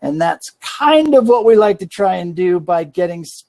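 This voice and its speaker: Male community-show host, gravelly edge, dry booth sound, loose and filler-heavy. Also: sits high, animated, moderate pace, hardly any pauses, mellow, no echo. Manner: rambling, filler-heavy, upbeat. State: out of breath. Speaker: podcast host. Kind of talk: casual live-show talk.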